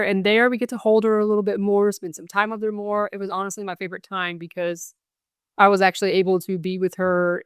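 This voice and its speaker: A woman's voice: mid-range voice, clear, resonant tone, dry recording, clean studio sound. A young adult woman, a guest on a podcast interview, earnestly recounting events and quoting what people said. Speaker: guest, bereaved mother.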